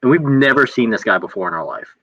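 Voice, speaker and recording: A man who is a military veteran, telling a story in casual chat and acting out the shouted lines he quotes. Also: medium pitch, fast, breathy edge, no room sound. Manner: animated, acts out quoted shouts. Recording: dull lo-fi audio.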